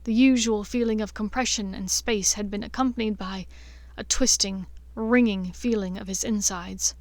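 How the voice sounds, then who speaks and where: A woman's voice: medium pitch, steady tone, normal speed, no echo. Dry, close-miked woman narrator. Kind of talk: fan-fiction audiobook narration.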